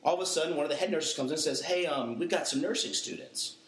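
A young adult man telling a story in casual chat, animated and acting out the voices of people he quotes. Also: on the high side, fast talker, roomy sound. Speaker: podcast panelist.

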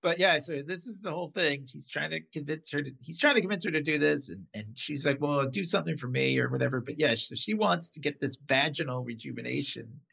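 A man with a raised, gravelly voice and a slightly husky, breathy edge tells a story in casual podcast chat. His pitch swings widely as he acts out the characters' lines. The recording sounds dull and lo-fi. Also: fairly quick, few pauses. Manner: animated storyteller, acts out quotes with pitch jumps.

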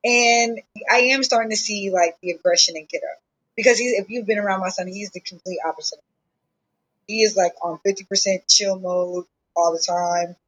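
A woman chatting on a podcast, speaking openly and warmly about her young son. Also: medium pitch, fairly even intonation, normal speed, breathy edge, poor audio. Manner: heartfelt and open, talking at length about her son. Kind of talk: casual chat.

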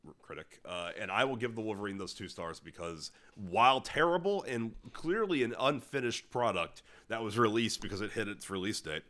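A man talking film on a podcast in a loose, rambling way, full of restarts and fillers. His pitch jumps about a lot and his tone is bright and forceful. He swears freely and keeps the chat casual. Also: sing-song, normal speed, hardly any pauses. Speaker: podcast co-host.

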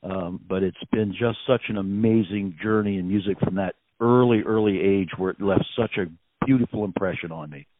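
Effusive American man, lowish voice, phone-line sound, dry. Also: moderate pace, hardly any pauses, no echo. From United States. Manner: effusive and gracious, with many fillers. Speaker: guest musician on a phone interview. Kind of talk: phone interview, casual storytelling.

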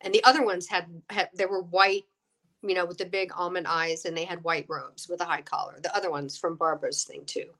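A middle-aged woman with a bright, forceful voice tells her story with lively energy. She is getting over a cold, acts out the voices of people she quotes, and laughs often. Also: fairly low pitch, brisk. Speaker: guest, actress and UFO experiencer. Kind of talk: animated storytelling.

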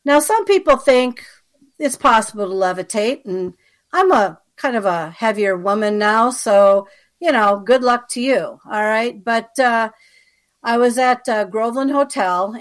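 A woman's voice: medium pitch, a little slow. A woman being interviewed who tells a personal story in a chatty way, with frequent asides and fillers, and checks in with the listener as she goes. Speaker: interview guest.

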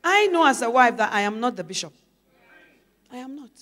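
A woman preaching a sermon as a pastor's wife, swinging from loud, emphatic exhortation to low, musing questions. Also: very animated, fairly quick.

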